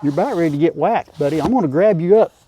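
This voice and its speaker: A man's voice: a little high, expressive, very fast, mellow, a little hiss or hum. An older man with a drawl, chatting casually to his chickens and his viewers on his farm. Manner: folksy rural drawl, talks to his animals. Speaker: farm vlogger. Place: outdoors in a chicken coop.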